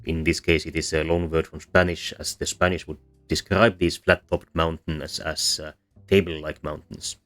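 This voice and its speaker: A man's voice: extremely low pitch, little pitch movement, normal speed, fairly bright tone, faint music behind. A man explaining a lesson in voice-over, hesitant and full of fillers and restarts. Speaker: language history explainer.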